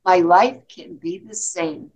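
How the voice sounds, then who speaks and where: A woman's voice: lowish voice, slow, a little mellow, husky, rough recording. A woman voicing a sad little girl left alone on a train, reading from a poem, pleading and tearful. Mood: delighted. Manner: tearful, pleading, then delighted.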